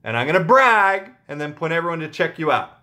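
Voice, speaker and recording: A man with a fairly high voice chats casually with his viewers. He rambles and jokes, with lots of ums and restarts. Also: big pitch swings, a little fast, pushed and bright. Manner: rambling, joking, with frequent fillers. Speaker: channel host.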